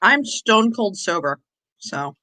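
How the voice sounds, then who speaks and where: A woman's voice: mid-range voice, very animated, slow, sharp tone, poor audio. A woman in her twenties, a guest on a casual livestream chat, speaking with a dry, sarcastic edge. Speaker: stream guest.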